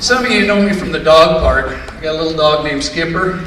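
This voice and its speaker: A man's voice: fairly high pitch, fairly quick, noisy background. An older man doing stand-up comedy with wry storytelling and punchlines. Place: live comedy venue. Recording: echoey room, distant mic, faint ambience.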